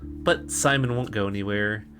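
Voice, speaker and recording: A man reading the lines of a gentle, enigmatic young woman with a soft, coaxing delivery. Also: lowish voice, moderate pace, faint music behind, natural voice.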